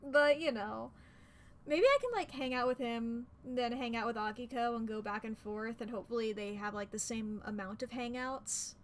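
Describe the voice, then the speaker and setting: Woman streamer, high voice, casual and profane, faint noise underneath. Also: normal speed. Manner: excitable, swears freely, laughs often. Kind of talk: casual gaming commentary.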